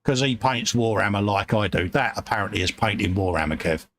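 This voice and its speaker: A man's voice: on the low side, animated, fairly quick, a bit bright. A British man hosting a casual livestream from his home hobby workshop, joking and reading out viewer comments. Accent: British English. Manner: jokey, chummy, reads viewer comments aloud. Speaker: livestream host. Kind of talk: casual chat.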